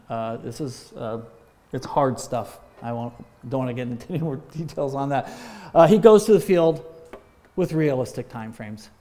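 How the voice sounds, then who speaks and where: A man's voice: mid-range voice, dark tone. A man, a former missions pastor, giving an emphatic training talk full of exhortation and frequent "uh"s.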